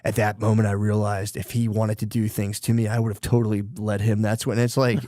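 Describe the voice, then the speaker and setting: A man's voice: fairly low pitch, level tone, brisk, warm tone, no room sound, studio quality. A man hosting a podcast, casually and loosely retelling a book's plot with lots of swearing. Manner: loose, rambling retelling of a book plot, with profanity. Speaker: podcast host. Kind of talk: casual chat.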